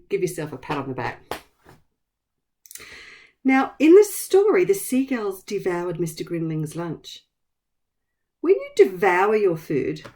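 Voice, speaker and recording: A woman teaches new words to young children in a gentle, encouraging manner. Her voice sits a little low, yet her pitch moves with lively, wide swings. She takes it unhurried, sounding each word out with care. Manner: encouraging, speaks slowly and clearly to kids. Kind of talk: vocabulary lesson for young children.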